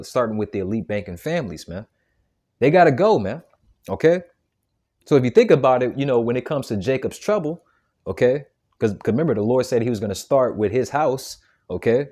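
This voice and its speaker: A man's voice: medium pitch, mellow. A man giving an informal sermon, emphatic and stammering, tagging nearly every phrase with "man" and "okay". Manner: stammering restarts, repeated words. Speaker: preacher.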